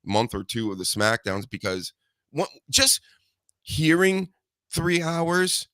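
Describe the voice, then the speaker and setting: A man hosting a casual podcast with a lively, swinging pitch. His voice is bright and forceful, and he is profane and animated. He is recorded dry and close, with almost no room sound. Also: takes it slowly, dry recording. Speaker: podcast host.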